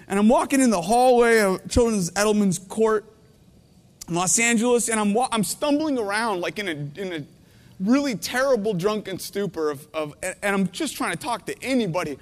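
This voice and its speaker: A man in his thirties preaching a heartfelt sermon, tearful, his voice swinging between hushed and intense. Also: high-pitched, a little fast, big-room sound. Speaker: pastor. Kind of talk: emotional sermon.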